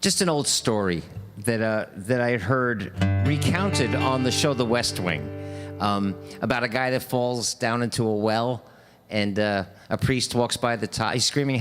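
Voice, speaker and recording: A singer-songwriter man chatting casually between songs on a live stream, halting and rambling with many fillers. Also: mid-range voice, fairly bright tone, soft background music.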